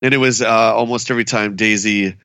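Animated man retelling stories on a podcast. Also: on the low side, a little fast, clean tone, no echo. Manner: animated storyteller, acts out quotes in raised voice. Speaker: podcast co-host. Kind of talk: casual chat.

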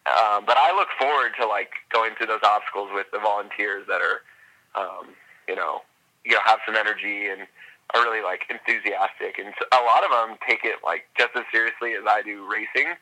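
Upbeat guy on a podcast, low voice but really bright, lots of "like", sounds like a phone line. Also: brisk. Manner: chatty, upbeat, full of fillers like "like" and "you know". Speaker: podcast guest, endurance runner. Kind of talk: casual interview chat.

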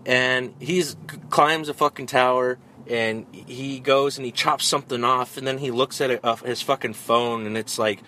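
A man in casual chat, retelling a movie with lots of swearing and animated energy. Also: mid-range voice, normal speed, hardly any pauses, slight background noise.

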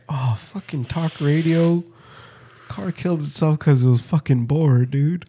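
A man's voice: fairly high pitch, unhurried, warm tone. A young man in casual, profane chat, joking and riffing on his friend's story. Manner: joking, riffs and quotes movies, swears a lot.

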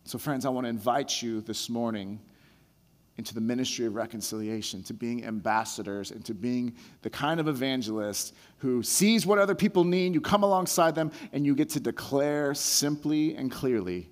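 A man preaching a sermon as a pastor, talking in a conversational way that repeats words and builds excitement as he retells a scene. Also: medium pitch, moderate pace, big-room sound.

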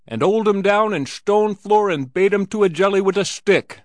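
A man voicing an old Irish hotel keeper with a brogue, wailing and rough with anger. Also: high-pitched, moderate pace, no room sound, studio quality, voice pushed up, close to an everyday voice. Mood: vengeful. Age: older.

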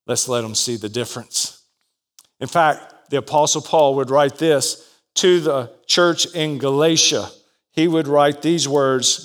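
A man's voice: a little high, a bit bright. A man preaching a sermon as pastor, dynamic, acting out the voices in his story and calling out for amens.

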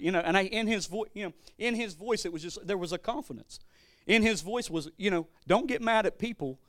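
A male pastor preaching a sermon, swinging from loud declarations to quiet asides, with frequent stammered restarts. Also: sits high, no echo, clean studio sound.

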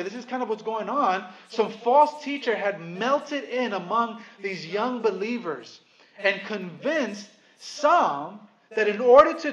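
A man's voice: sits high, a bit bright, highs cut off. A man preaching a conversational sermon, emphatic and playful, often asking his listeners questions. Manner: playful, dry humor. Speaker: pastor.

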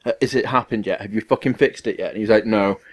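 A man's voice: lowish voice, fast talker. A young man, a podcast co-host, telling a story in casual chat with lots of swearing and acted-out quotes.

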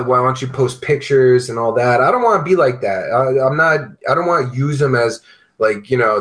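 A man's voice: medium pitch, fairly bright tone, poor audio. A man hosting a podcast, chatting casually and ranting bluntly with lots of swearing. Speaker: podcast host.

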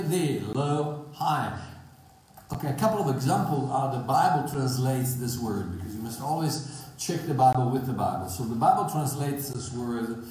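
A man's voice: medium pitch, darkish tone. A man from South Africa with a South African accent, preaching a sermon in an emphatic way, breaking into short laughs and restarting his phrases. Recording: very echoey room.

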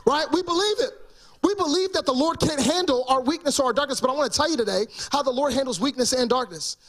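A male pastor delivering a sermon in an unusually high voice. He is emphatic and keeps turning to the congregation with rhetorical questions. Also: quick pace, a bit bright.

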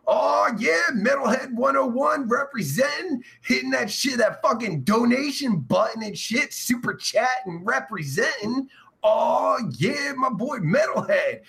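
A man hosting a crude livestream chat show, yelling, swearing and cackling as he reads comments. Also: very high-pitched, vocal fry. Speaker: host.

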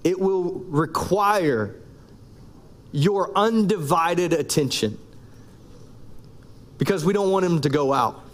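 A man with a high voice delivers a sermon from the pulpit in his thirties, speaking. He preaches in a loose, conversational way, cracking jokes and pausing between his phrases. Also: expressive. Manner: joking, conversational preaching with pauses. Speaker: pastor.

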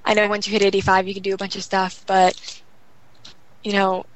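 Fast-rambling young woman gamer. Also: mid-range voice, completely flat delivery, a little hiss or hum, poor audio. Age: young adult. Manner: rapid, rambling, full of fillers. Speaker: guest gamer. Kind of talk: casual chat.

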